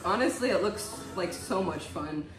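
A woman's voice: fairly low pitch, animated, moderate pace, echoey room, distant mic, over music. A young woman hosting a casual comedic reaction to comments, blunt and laughing often.

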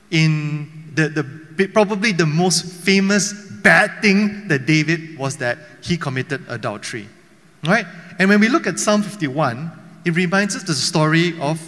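Man preaching, high ringing voice, storyteller style, rhetorical questions, church hall reverb. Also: pushed and bright. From Malaysia. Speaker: pastor. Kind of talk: sermon.

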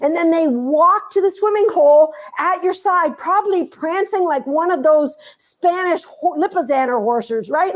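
A woman dog trainer giving an instructional talk, animated and playful as she tells stories. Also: extremely high pitch, moderate pace, hardly any pauses.

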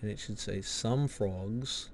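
A man's voice: fairly low pitch, slow pace, gravelly, a little hiss or hum. A man teaching a logic lesson, explaining step by step and asking and answering his own questions. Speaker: logic instructor. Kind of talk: recorded lecture walkthrough.

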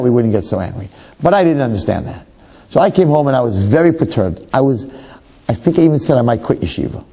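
A man's voice: mid-range voice, animated, fast talker, dark tone, breathy edge. A man, a rabbi giving a lecture, telling a story animatedly with rhetorical questions and self-mocking humor.

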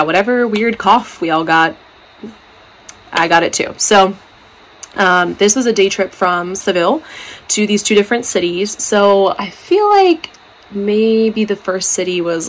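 A woman's voice: on the low side, a little hiss or hum, poor audio. A woman from the United States talking casually to her camera as a travel vlogger. She is sick and stuffy with a cough, and her talk is upbeat and loose, full of "like" and "um". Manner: chatty and upbeat, lots of "like" and "um".

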